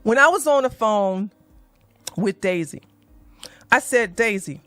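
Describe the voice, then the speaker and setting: A woman doing heated livestream commentary, blunt and animated, swearing and mocking as she swings from low muttering to loud outbursts. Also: slow pace. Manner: swears and mocks. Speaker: commentary streamer.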